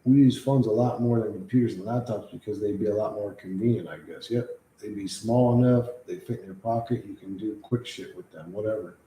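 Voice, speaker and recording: Brief: mellow-voiced man, loose and profane livestream chatter, echoey room. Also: lowish voice, a little fast, a little hiss or hum. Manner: profane, rambling, reacts to chat. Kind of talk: casual livestream chat.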